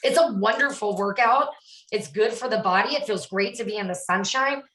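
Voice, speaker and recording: A woman's voice: medium pitch, normal speed, fairly bright tone. A woman fitness instructor, chatting in a bubbly way while she cooks and answers viewers by name. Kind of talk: casual cooking chat on a live stream. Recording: roomy sound, mic at a distance.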